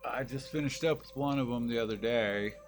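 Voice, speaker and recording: A man's voice: medium pitch, a little fast, a little hiss or hum. A man hosting his own channel, chatting casually and rambling with lots of fillers. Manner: rambling, many fillers, laid-back. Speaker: YouTube channel host. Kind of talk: casual vlog chat.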